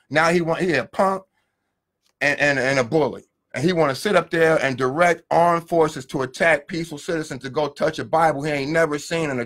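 A man's voice: a little high, a bit bright. A middle-aged man, a law professor, ranting angrily and profanely on a live video feed, firing off rhetorical questions and repeating words as he goes. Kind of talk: heated live-stream rant. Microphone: phone or webcam, live video feed.

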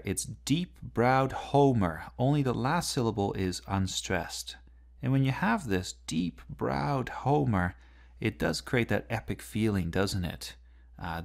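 A man's voice: lowish voice, animated, measured pace, creaky. A man teaching literature, explaining a poem line by line and asking the listener rhetorical questions.

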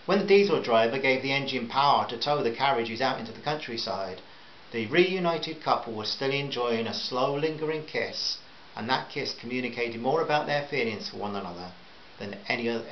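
A man reading a novel aloud at a measured pace with small stumbles, in a roomy, slightly dull recording with faint hiss. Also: medium pitch. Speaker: audiobook narrator.

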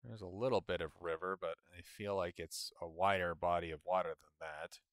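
A deep-voiced man from the United States talks briskly with fairly even intonation while streaming a game. His casual commentary is full of grumbling at the game, self-mockery and frequent laughter, recorded clean in a studio with no echo.

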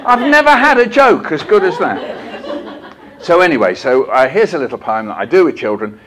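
A man's voice: a little high, very animated, normal speed, a crowd in the background. A man speaking to a conference of teachers, telling stories with playful put-on voices and leading the audience in a call-and-response poem. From England. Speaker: children's poet giving a storytelling masterclass. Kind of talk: lively storytelling talk to teachers. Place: conference hall.

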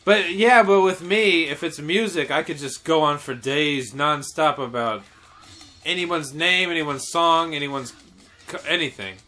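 A man's voice: a little high, measured pace, pushed and bright, faint music behind. A man joking and rambling in casual chat over a video game, playfully exasperated.

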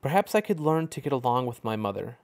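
A man's voice: mid-range voice, very animated, quick pace, darkish tone. A man voicing an unhappy young woman who confides her troubles in short, plain statements. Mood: glum.

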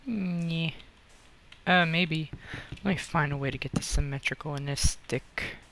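A man's voice: on the high side, fairly even intonation, normal speed, sharp tone, slight background noise. A young man giving playful let's play commentary, talking to himself with sing-song noises. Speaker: gamer.

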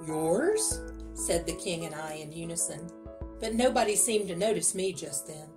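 A woman reading a children's novel aloud in steady first-person narration. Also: fairly low pitch, normal speed, music in the background. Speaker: reader. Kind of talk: storybook read-aloud.

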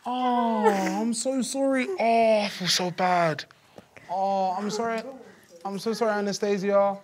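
A man's voice: high voice, a little slow. A young man with a London accent, chatting and teasing on a blind date in a cheeky, slangy way. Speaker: blind dating contestant. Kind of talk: casual chat.

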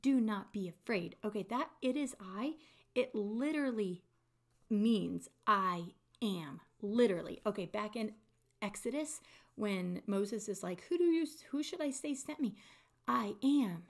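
Young adult woman, mid-pitched, casual enthusiastic Bible study teacher who voices the quotes. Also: expressive, unhurried. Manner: conversational and enthusiastic, acting out quotes.

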